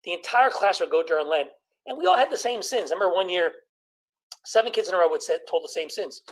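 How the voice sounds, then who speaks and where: High-voiced man doing stand-up comedy. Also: expressive, rough recording. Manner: storytelling with quick jokes and impressions of family.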